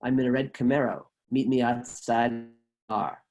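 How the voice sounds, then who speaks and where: A man voicing a gruff, unfriendly male ticket seller who talks curt and flat. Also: mid-range voice, moderate pace, close to an everyday voice.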